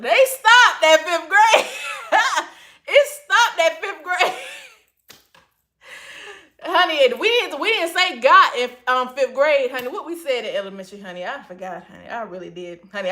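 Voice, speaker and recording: High, lively, sassy woman on a livestream. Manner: sassy, calls everyone honey. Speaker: livestream host. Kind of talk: casual livestream chat reading comments. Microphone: phone.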